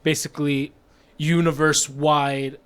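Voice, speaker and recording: A man with a slightly high voice co-hosts a casual movie review podcast. He walks through the details and slips in deadpan jokes. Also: a little slow. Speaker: podcast co-host.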